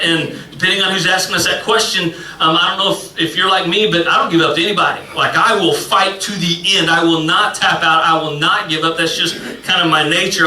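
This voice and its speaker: A man's voice: on the high side, far from the mic. A man, a pastor telling a rambling, self-mocking story in a sermon, full of fillers. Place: church sanctuary. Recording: echoey room, voice from off-mic.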